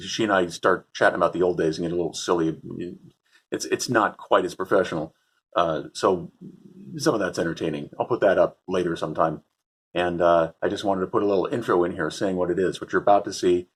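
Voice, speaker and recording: A man's voice: on the low side, fairly bright tone. A middle-aged man hosting his own talk show, rambling in a wry, self-interrupting way. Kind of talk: casual unscripted intro and chat.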